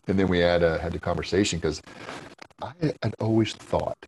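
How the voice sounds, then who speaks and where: A man with a very low, gravelly voice, easygoing and chatty as a podcast guest. He tells his stories loosely, laughs between lines and drops casual swears. A faint hiss sits under the voice. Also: moderate pace, a little mellow, low-quality recording. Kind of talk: casual storytelling chat.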